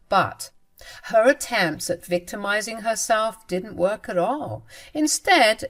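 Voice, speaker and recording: A young woman narrating a dramatized first-person family story in an even, earnest way. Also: on the low side.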